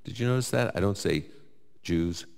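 A man with a New York accent fields Bible questions before a live audience. His voice is very low, and he mixes scripture quotes with casual asides. A long hall reverb trails each phrase. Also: normal speed, creaky. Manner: conversational, lively, quotes scripture, jokes.

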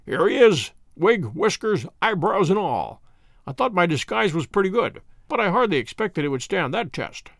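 A man voicing a calm, wry detective who speaks in a measured, commanding way. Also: high-pitched, no room sound, clean studio sound, exaggerated voice. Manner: measured, crisp, quietly amused.

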